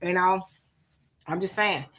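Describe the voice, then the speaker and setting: This livestream host speaks slowly in a lowish voice that still has a fairly bright tone. She's sweating as she casually greets viewers by name and discusses their comments through asides and rhetorical questions.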